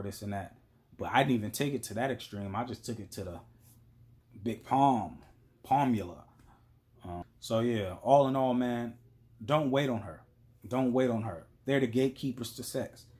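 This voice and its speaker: A man's voice: medium pitch, darkish tone. A man telling a story in a casual, blunt and profane monologue as a vlogger.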